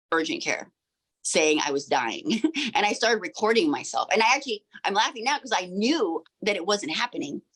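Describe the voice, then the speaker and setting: A woman in her forties recounts her path into sound healing as an interview guest. She talks in an earnest, rambling way, full of fillers and restarts, at a middling pitch. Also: fairly bright tone. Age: 40s. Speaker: sound healer and crystal shop owner.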